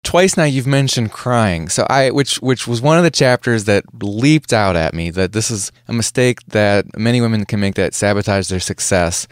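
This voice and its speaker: Low, smooth-voiced male interviewer. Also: animated, moderate pace, few pauses, no room sound, studio quality. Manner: thoughtful, searching for words. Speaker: podcast host, interviewer. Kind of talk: interview questions.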